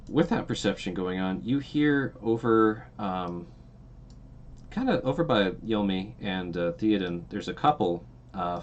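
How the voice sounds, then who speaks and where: A very deep-voiced man narrates a tabletop game as its game master. He rambles comfortably through the scene with plenty of fillers, and a faint hum of the room sits under his voice. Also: lo-fi sound. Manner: relaxed and meandering, with many fillers.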